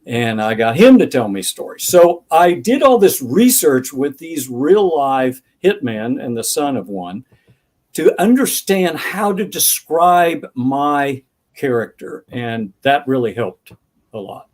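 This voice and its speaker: A man's voice: mid-range voice, sing-song, slow pace, darkish tone. An older man, an author being interviewed, answering thoughtfully with anecdotes and acting out remembered dialogue. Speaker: author guest.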